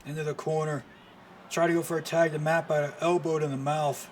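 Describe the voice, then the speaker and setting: A man doing live play-by-play commentary on a wrestling match, excitable and full of exclamations. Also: a little high, brisk, slight background noise. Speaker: streamer commentator.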